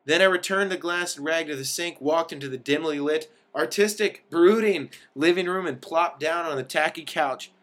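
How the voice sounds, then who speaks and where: A man's voice: fairly high pitch, moderate pace, hardly any pauses, fairly bright tone. A man reading a first-person story aloud in a wry manner, lingering over descriptive words.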